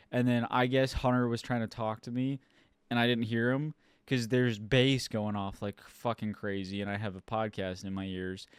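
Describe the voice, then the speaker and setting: This young man from Ohio has a smooth, resonant voice and tells a story with plenty of swearing and exasperation. He is recorded close and dry, with no room sound. The talk is a casual podcast chat. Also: medium pitch, dry recording. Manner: swears a lot, animated and exasperated. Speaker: podcast co-host.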